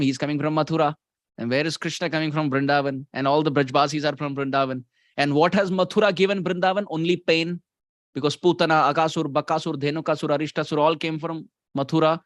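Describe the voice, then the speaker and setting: An Indian-accented man preaching a devotional story, animated and often laughing as he talks. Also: a little high, dry recording, clean studio sound.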